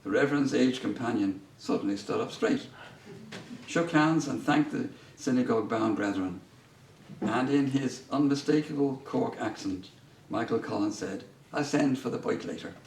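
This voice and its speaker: A man giving a public history talk as guest speaker, telling an anecdote in a measured way. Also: medium pitch, darkish tone. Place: museum lecture room. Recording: roomy, distant mic, faint noise.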